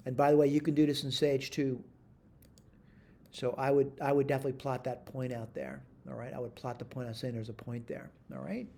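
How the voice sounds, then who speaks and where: Mellow-voiced man thinking aloud through math. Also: medium pitch, little pitch movement, brisk, vocal fry. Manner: thinks aloud, self-correcting, frequent "all right?". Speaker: math instructor. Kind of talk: screen-recorded math tutorial.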